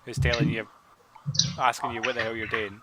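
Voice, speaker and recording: A man's voice: medium pitch, level tone, fairly quick, crowd noise, low-quality recording. A man running a tabletop game, narrating casually with lots of restarts and hesitations. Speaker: game master. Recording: room with people chatting.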